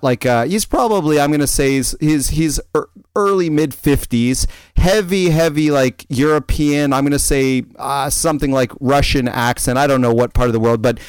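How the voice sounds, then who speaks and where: A man in casual chat, telling a rambling personal story in an animated way, with many restarts. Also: mid-range voice, clean tone, no echo.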